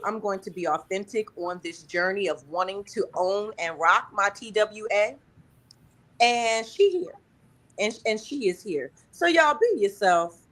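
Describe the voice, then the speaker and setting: Lively, bright-voiced woman co-host. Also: medium pitch. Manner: animated, playful, talks straight to listeners. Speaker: podcast co-host. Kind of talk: casual chat.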